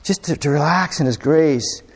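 A man's voice: on the high side, normal speed, husky. Man preaching in a reverberant hall. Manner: conversational, asks the congregation questions. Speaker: pastor. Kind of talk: sermon.

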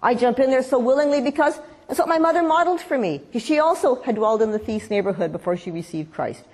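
A woman preaching a sermon, telling a story in a lively way and acting out the voices in it. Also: fairly high pitch, fast. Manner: animated storytelling, acts out voices in quotes. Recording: long hall reverb.

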